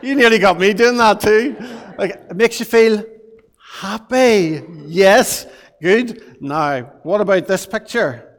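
A pastor leads a children's talk in church, slow and unhurried, his voice a touch higher than most men's. He teases and coaxes the children with question after question. His voice carries with the long echo of a big church hall. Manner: playful, questioning, coaxing. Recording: long reverb of a large hall.

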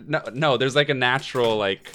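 A man's voice: mid-range voice, moderate pace, fairly bright tone. A man co-hosting a podcast in casual chat, rambling with many "uh" fillers and casual swearing. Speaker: podcast co-host.

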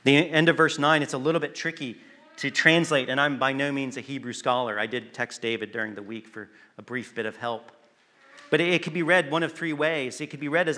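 A man delivering a sermon in a bright, forceful voice. He speaks earnestly and with emphasis, pausing for effect and now and then restarting a phrase. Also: fairly high pitch, fairly even intonation. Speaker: preacher.

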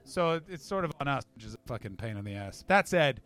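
A man doing brash, sweary, quick-riffing banter as a comedian answering audience questions at a live podcast. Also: medium pitch, very animated, fairly bright tone. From Canada. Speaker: comedian, guest.

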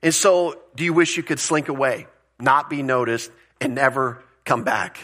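Bright-voiced male pastor preaching. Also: medium pitch, moderate pace. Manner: conversational, explaining word meanings with rhetorical questions. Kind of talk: sermon.

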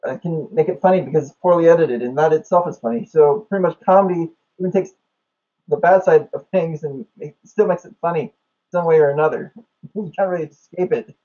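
A man's voice: fairly high pitch, fairly quick, dark tone. A man talking casually about comedy, rambling with plenty of fillers. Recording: dull lo-fi recording.

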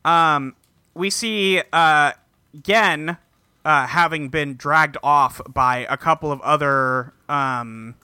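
Bright-voiced man recapping casually. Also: fairly high pitch, slow, smooth, no echo. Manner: rambling, filler-heavy, acts out quotes. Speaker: podcast co-host. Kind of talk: casual episode recap chat.

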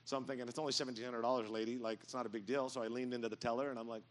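A middle-aged man pastor telling stories in a sermon, animated and jokey, now and then breaking into loud mock yelling. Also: medium pitch, very fast. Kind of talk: storytelling sermon. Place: church auditorium with audience.

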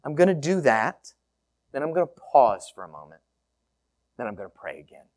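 A middle-aged male pastor giving a sermon with a slow delivery that swings between loud rises and soft, near-whispered drops. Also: mid-range voice. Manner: slow, lively, rising and falling delivery.

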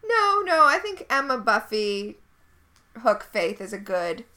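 A woman's voice: on the high side, big pitch swings, takes it slowly, sharp tone. A woman co-hosting a podcast, recapping a TV episode in casual chat, blunt and sarcastic. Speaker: podcast co-host.

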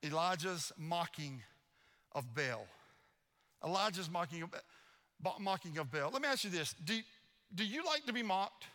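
A man preaching a sermon as pastor, telling stories in an animated, playfully mocking way. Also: high-pitched, normal speed, long pauses, big-room sound. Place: church sanctuary.

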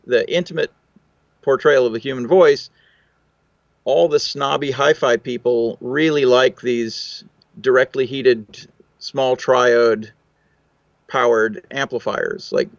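A man's voice: medium pitch, fairly even intonation, measured pace, creaky, dry recording, lo-fi sound. A man, a recording engineer, answering interview questions in a thoughtful, technical way with fillers and restarts.

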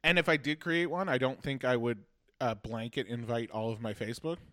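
A man's voice: medium pitch, brisk, sharp tone, dry recording, studio quality. A man from Halifax, a comedian and podcast host rambling in casual chat, swearing freely and mocking himself. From Halifax, Canada. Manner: rambling, profane, self-mocking.

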